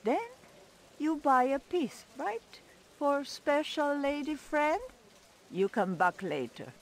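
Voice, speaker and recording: The same kind of role: a cunning bug-merchant woman from a video game, played by an actress using an affected foreign accent and a drawn-out pitch to sell her wares. The voice is animated and exaggerated.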